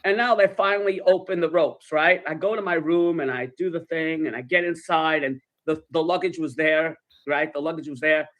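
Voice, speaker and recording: A man with a New York accent and a notably high voice for a man rambles through a story in a laid-back ASMR manner. He swears offhandedly and keeps tagging his sentences with "right?". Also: steady tone, normal speed, hardly any pauses, a bit bright. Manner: rambling, chatty, swears casually, says "right?" often. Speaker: storyteller in a played video.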